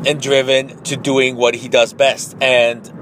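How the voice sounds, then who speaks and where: A man speaking at a middle pitch tells a story in a loose, rambling way, full of fillers and a casual curse here and there. He is recorded inside a vehicle. Road and engine noise is clearly heard behind him. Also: flat delivery, unhurried, fairly bright tone, rough recording. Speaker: amateur marathon runner.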